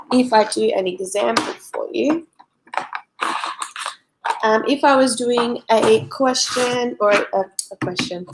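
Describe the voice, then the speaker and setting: A woman's voice: a little high, noisy background. Woman teaching young children. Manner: slow and clear, spelling out and explaining for young pupils. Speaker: primary school teacher. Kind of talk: recorded remote lesson for children.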